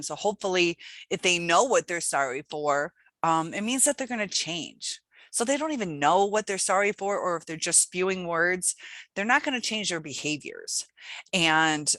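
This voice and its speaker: A woman's voice: lowish voice, bright, forceful tone, dry recording. A woman hosting her own channel, giving casual advice in a rambling way, with many fillers and restarts. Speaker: channel host.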